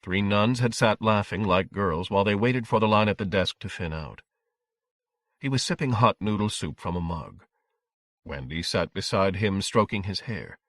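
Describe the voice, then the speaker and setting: Low-voiced man narrating an audiobook. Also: animated, normal speed, a bit bright, no room sound, clean studio sound.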